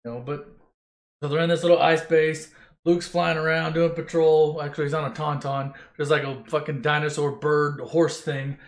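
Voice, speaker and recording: A man's voice: a little high, level tone, normal speed, reverberant. A man retelling a film as a profane, rambling comedy story, swearing constantly and loosely mimicking the characters.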